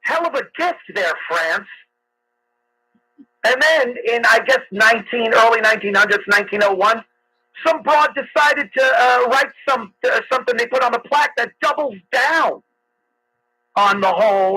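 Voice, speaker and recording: A man's voice: extremely high pitch, lively intonation, normal speed, sharp tone, breathy edge, poor audio. A man hosting a talk radio show, delivering a sarcastic, ranting monologue with frequent fillers.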